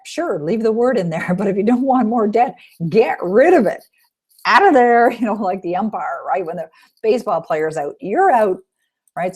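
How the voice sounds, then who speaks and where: A woman's voice: lowish voice, a little mellow. Upbeat woman coaching with rhetorical questions. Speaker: self-help coach. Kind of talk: teaching a webinar call.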